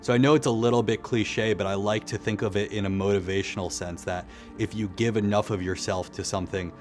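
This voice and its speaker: Guy with a lower voice talking films, easygoing and thoughtful, faint music underneath. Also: fairly even intonation, brisk. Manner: conversational, reflective, with casual fillers. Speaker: video essayist. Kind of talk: casual film commentary.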